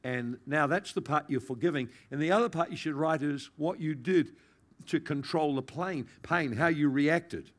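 A man teaches a sermon in an earnest, pastoral way, speaking at normal speed. At times he builds in intensity, then drops soft and low.

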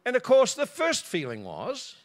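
A man's voice: very high voice, wildly swooping pitch, moderate pace. A middle-aged man preaching a sermon, telling a personal story with frequent laughter and repeated words.

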